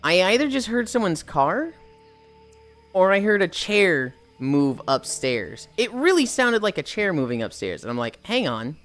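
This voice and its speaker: Lively, low-voiced woman streamer. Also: unhurried, faint music behind. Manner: profane, joking, reads chat aloud. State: stretching, groaning with effort. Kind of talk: casual live-stream chat. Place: at home, indoors.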